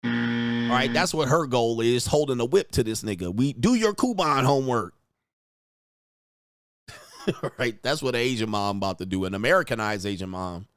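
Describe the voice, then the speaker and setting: A man's voice: mid-range voice, expressive, moderate pace, long pauses, a bit bright. A man hosting a livestream, ranting crudely and rambling, constantly saying "all right" between points. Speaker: livestream host. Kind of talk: casual livestream rant.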